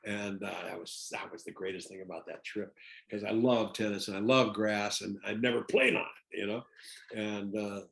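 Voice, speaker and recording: An older man, a guest actor, telling lively anecdotes in a casual interview and laughing often. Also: fairly low pitch, moderate pace, vocal fry, poor audio.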